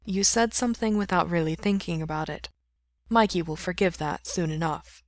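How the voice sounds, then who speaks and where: A woman voicing a calm, gentle male friend who speaks in a measured, reassuring way, in a storybook reading. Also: fairly low pitch, dry recording, clean studio sound, natural voice.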